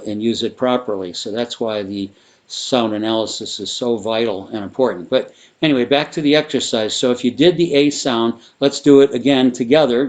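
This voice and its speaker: Male sound therapy teacher, mid-pitched, loose and rambling, guided exercise delivery. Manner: relaxed, rambling, with frequent fillers and restarts. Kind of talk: guided vocal exercise instruction.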